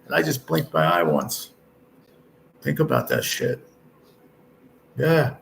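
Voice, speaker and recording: A man nearing fifty talks to his livestream chat from a hospital room, rambling and blunt and cursing often. His voice is gravelly, sits at an ordinary pitch, and has a faint hum of room noise underneath it. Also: big pitch swings, slow pace, rough recording. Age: 40s. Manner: blunt, heavy swearing, rambling. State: ill with stage four cancer. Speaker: livestream host.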